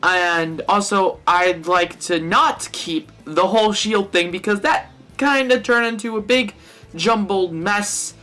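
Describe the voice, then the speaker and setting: A young man with a high-pitched voice talks through a casual fantasy-booking monologue. His tone is bright and sharp, and he rambles, often correcting himself and tossing in jokes. Faint music plays behind him. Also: takes it slowly. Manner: rambling, self-correcting and jokey. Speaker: wrestling fan vlogger.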